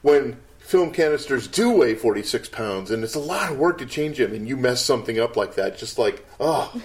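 A man co-hosting a casual film podcast, his pitch swinging widely as he talks. He laughs often and breaks into quoting old movie lines. His voice sits at an ordinary middle pitch. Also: expressive, a little fast. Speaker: podcast co-host.

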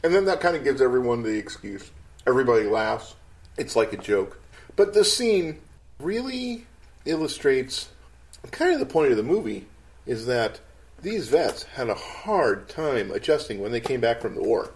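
A man's voice: medium pitch, normal speed. A man co-hosting a casual podcast, talking through an old film scene and laughing often. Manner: animated, laughs often, quotes film lines. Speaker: podcast co-host.

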